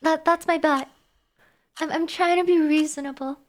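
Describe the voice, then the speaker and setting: A woman's voice: high-pitched, fairly even intonation, moderate pace. A woman streaming a game live, chatting to her viewers in a playful, teasing way. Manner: playful, teasing, talks to the chat. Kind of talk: live gameplay chat with viewers.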